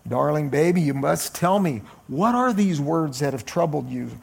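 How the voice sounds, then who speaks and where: Man playing a calm middle-aged mother, soothing and coaxing, with a gravelly tone. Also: fairly high pitch, normal speed, full character voice.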